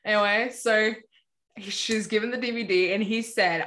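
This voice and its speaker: Woman telling a long story, lots of "anyway" and "you know", middle pitch. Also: steady tone, moderate pace, bright, forceful tone. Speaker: Christian ministry guest or host. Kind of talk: casual conversation, retelling a story.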